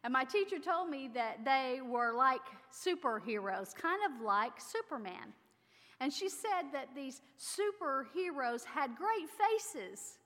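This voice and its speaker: An innocent, excited little girl with a high, sing-song lilt, as a woman preacher acts her out. Her voice is clearly pitched above the speaker's own and trails off into a long echo, as if heard in a big sanctuary. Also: slow pace, full character voice. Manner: sing-song, eager child voice.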